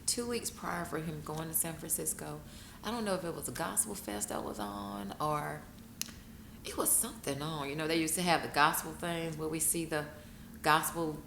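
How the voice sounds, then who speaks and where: Low-voiced woman telling her story with feeling. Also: moderate pace, creaky. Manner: emotional, bursts into laughing high-pitched retellings. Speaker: guest. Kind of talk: candid interview storytelling. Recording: echoey room with noticeable noise.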